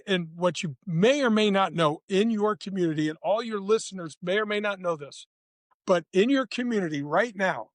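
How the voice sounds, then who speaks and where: A man's voice: high voice, dry recording. A man in his sixties, a retired tour golfer, telling stories in a casual interview, rambling with restarts and acting out quotes. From St. Louis, USA. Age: 60s.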